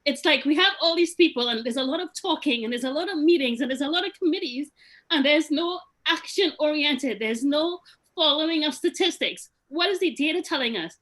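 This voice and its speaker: Woman business owner, high and bright, frustrated pleading meeting remarks. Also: animated, brisk. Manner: frustrated, pleading, many restarts.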